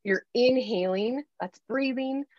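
Earnest female life coach, animated, dry muffled remote recording. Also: fairly high pitch, slow pace, no echo. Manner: earnest, animated, acts out little dialogues. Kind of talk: podcast interview, explaining advice.

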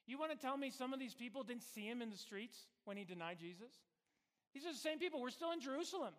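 A man preaching a sermon as pastor, telling the story conversationally and swinging between loud bursts and quiet, hushed lines. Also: very high voice, animated, fast, in a large hall.

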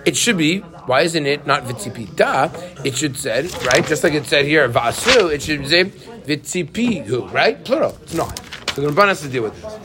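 A man's voice: a little high, normal speed, crowd noise. A man teaching a Torah class who keeps asking his students questions. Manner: animated, asks the class questions.

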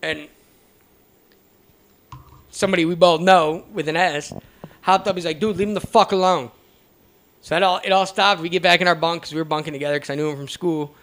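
A man's voice: a little high, fairly quick, pauses often. A young man casually telling a profane story to friends, acting out other people's lines as he goes. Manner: profane, animated, acts out other people's voices.

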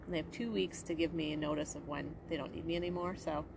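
A woman's voice: sits low, fairly even intonation, quick pace, creaky. Chatty woman talking outdoors over noise. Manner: chatty, rambling with many fillers. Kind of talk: casual chat.

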